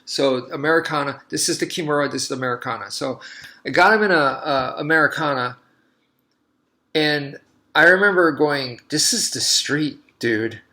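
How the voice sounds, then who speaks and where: A man's voice: a little high, moderate pace, pushed and bright. A man, a martial artist, talking casually and telling a long story in a loose, rambling way with many restarts.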